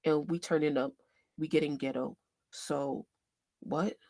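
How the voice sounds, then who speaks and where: A woman hosting a casual livestream, animated and swearing freely, swinging between loud outbursts and quiet asides. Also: sits low, unhurried, dry recording. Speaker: livestream host.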